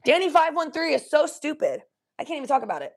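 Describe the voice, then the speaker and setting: A woman's voice: sits high, big pitch swings, fast. A young woman from the Cincinnati area, chatting casually on a livestream, swearing freely and reading chat aloud. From Cincinnati area, USA. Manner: chatty, swears freely, reads chat aloud, slips into baby talk for pets.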